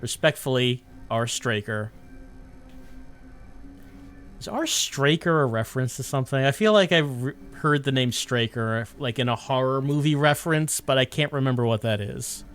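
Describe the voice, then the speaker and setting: A man's voice: mid-range voice, fairly quick, few pauses, fairly bright tone, soft background music. A man streaming a video game, chatting casually and musing aloud as he reads game text.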